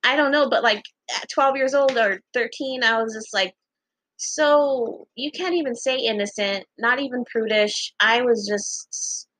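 A young woman casually telling a story to her viewers, chatty and laughing often, acting out what people said with big jumps in pitch and casual swearing. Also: a little slow, a bit bright, dry recording, poor audio.

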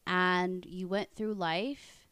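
A woman talking casually with a friend, recounting stories and playing out quoted lines. Her voice sits low and sounds smooth and clean. The recording is close and dry. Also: very slow, dry recording. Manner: storytelling, animated when quoting. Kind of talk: casual chat.

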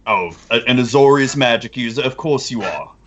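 A man doing a gruff, scornful goblin. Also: mid-range voice, animated, fairly quick, a bit bright, dull audio, a little hiss or hum, close to an everyday voice. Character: gruff male goblin NPC, pushy and scornful.

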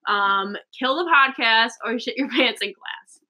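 Bright, giggly teenage girl. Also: on the high side, a little slow. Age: teens. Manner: giggly, teasing storyteller. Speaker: podcast co-host. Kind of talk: casual chat.

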